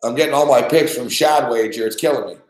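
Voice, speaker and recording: A man's voice: mid-range voice, fast talker, reverberant. A man ranting in a frustrated, profane way as he reacts live to a game he has bet on. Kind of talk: casual live reaction rant.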